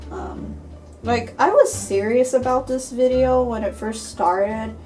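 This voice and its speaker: A woman's voice: on the high side, fairly even intonation, slow pace, dark tone, soft background music, poor audio. A young woman giving a casual cooking tutorial in her home kitchen, chatty, crude and swearing freely, easily grossed out. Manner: easily disgusted, grumbling. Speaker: cooking vlogger.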